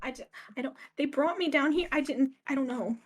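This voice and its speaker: A woman voicing a frightened, tearful young woman, pleading in a shaky high voice during a tabletop horror game. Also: fairly quick, close to an everyday voice. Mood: scared.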